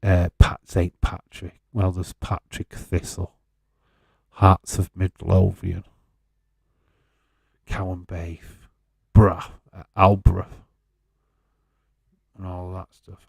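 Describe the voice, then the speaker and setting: A man's voice: sits low, monotone, slow, vocal fry, long pauses, breathy edge, no echo. A man hosting a casual wrestling watch-along, rambling and chatty between bouts of commentary, swearing freely. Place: home in Fife.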